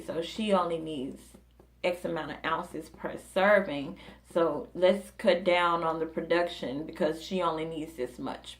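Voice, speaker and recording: Brief: young mom vlogger, lowish voice, chatty and emotional, lots of ums and restarts. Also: female voice. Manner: chatty, many fillers and restarts, emotional retelling. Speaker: new mother vlogging. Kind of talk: casual personal storytelling.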